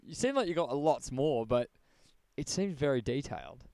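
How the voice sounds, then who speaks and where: A man's voice: medium pitch, expressive, moderate pace, a little mellow. A man co-hosting a casual podcast, jokey and swearing as he banters. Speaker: podcast co-host.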